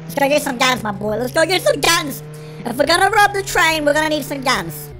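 A performer voicing an excitable cartoon chipmunk in a sped-up chipmunk filter, giving panicky, shrieky game commentary as the channel host. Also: sits high, fairly quick, over music. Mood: excited. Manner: shrieky, panicky, constantly shouting to friends. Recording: noisy game sounds behind.

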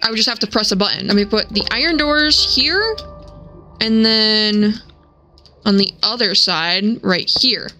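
A young woman giving casual gameplay commentary, excitable, swearing and shrieking when startled. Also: mid-range voice, unhurried, low-quality recording. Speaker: gaming streamer. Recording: music playing behind the voice.

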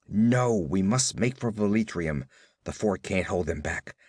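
A man voicing a young frontier settler who urgently shouts warnings and gives orders. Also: low voice, expressive, measured pace, breathy edge, no echo, clean studio sound, pitched below the performer's own voice, heavily acted.

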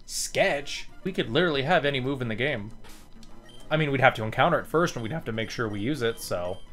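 A man's voice: mid-range voice, lively intonation, a little fast, a bit bright, soft background music. Chatty, profane man playing a game. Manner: chatty, profane, easily amused. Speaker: let's play host. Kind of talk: casual gameplay commentary.

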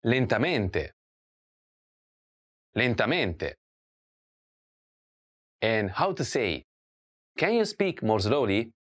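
A woman giving a scripted language lesson, asking slow drill prompts and repeating each word clearly. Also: very deep voice, very animated. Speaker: language teacher.

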